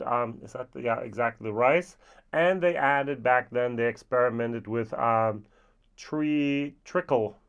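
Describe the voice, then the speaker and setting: A man's voice: medium pitch, highs cut off. Chatty European man reviewing whiskey. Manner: chatty, with playful asides. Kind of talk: casual spoken review.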